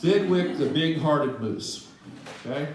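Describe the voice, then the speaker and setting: A man's voice: a little high, lively intonation, slow pace, a crowd in the background. A man speaking at a ministry meeting, reading a rhyming children's book aloud with a storytelling rhythm. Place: meeting room. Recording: echoey hall, distant mic.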